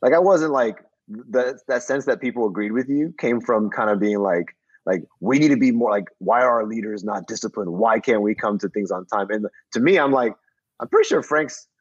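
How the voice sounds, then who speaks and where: Husky guy, lots of likes and restarts, muffled audio. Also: lowish voice. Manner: halting, filler-heavy, mimics others. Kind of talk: casual podcast chat. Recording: slightly dull, muffled sound.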